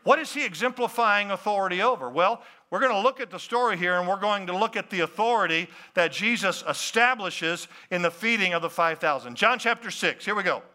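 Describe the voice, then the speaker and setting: Bright, high-voiced man preaching. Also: brisk, few pauses. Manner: animated, talks to the crowd with questions and asides. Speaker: pastor. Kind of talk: sermon.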